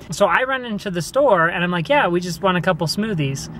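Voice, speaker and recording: A young man vlogging outdoors on a handheld camera, telling stories in an animated, casual way with laughs. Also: sits high, fast talker, hardly any pauses, poor audio. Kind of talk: casual vlog chat. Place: outdoors on a busy street. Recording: faint street noise outdoors.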